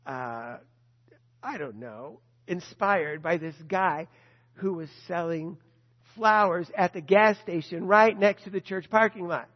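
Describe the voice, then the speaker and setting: A man preaching a sermon, telling a story with lively animation and acting out the people he quotes. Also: high voice, in a large hall, muffled recording. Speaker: pastor.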